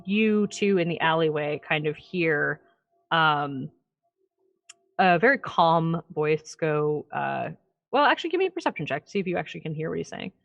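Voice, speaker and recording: A woman's voice: deep voice, animated, normal speed, gravelly, a bit bright, lo-fi sound. A woman narrating a tabletop game as game master, chatty with many fillers and laughs.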